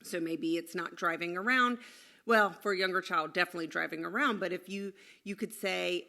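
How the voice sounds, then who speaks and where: A woman's voice: lowish voice, a little fast, creaky, sharp tone. Woman in her forties, parenting coach, casual to-camera advice, plays out kids' back talk. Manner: acts out kids' replies in snippy voices.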